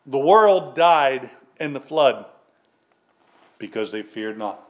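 A man preaching a sermon in an earnest, halting way, with restarts and fillers, loud on key lines and dropping quiet at their ends. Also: mid-range voice, lively intonation, lo-fi sound. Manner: swings between loud emphatic lines and dropped, quiet endings.

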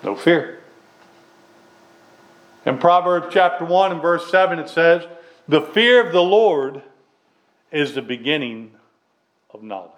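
Earnest man preaching, pitch a touch high. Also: animated, low-quality recording. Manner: earnest, halting preaching with many restarts and fillers; swings between loud emphatic lines and dropped, quiet endings. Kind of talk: sermon.

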